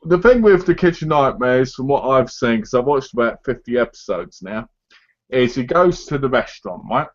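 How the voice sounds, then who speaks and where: A man's voice: medium pitch, animated, normal speed. A man hosting a casual live chat, talking in a chatty way and acting out other people's lines as he goes. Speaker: live stream host. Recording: dull lo-fi stream audio.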